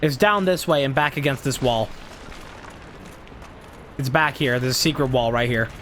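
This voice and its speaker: A man's voice: mid-range voice, moderate pace, fairly bright tone, slight background noise. A man streaming a video game, ranting at enemies in a profane, exasperated way and sounding frustrated. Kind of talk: live gameplay commentary.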